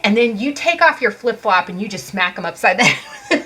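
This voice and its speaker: A woman doing a casual tarot card reading for viewers, animated and sassy, laughing often and cussing freely. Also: mid-range voice, moderate pace, low-quality recording. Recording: background hiss from mic fault.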